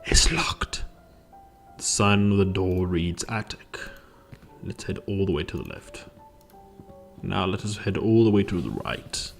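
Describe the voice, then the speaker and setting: A man's voice: deep voice, measured pace, vocal fry, soft background music. A man giving casual, jokey gameplay commentary, ad-libbing as he plays. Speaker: let's play commentator.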